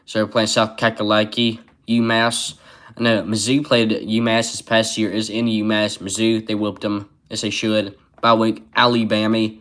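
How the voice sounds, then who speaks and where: A man's voice: lowish voice, little pitch movement, moderate pace, a bit bright. A man doing casual live-stream sports commentary, rambling and reading chat comments aloud. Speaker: sports livestreamer.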